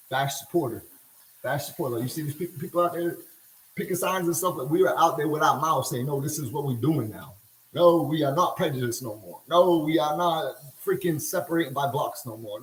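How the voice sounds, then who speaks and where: A man's voice: a little high, roomy sound, rough recording. A middle-aged man rambling in casual livestream talk while he cooks, slangy and laughing often. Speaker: livestream host.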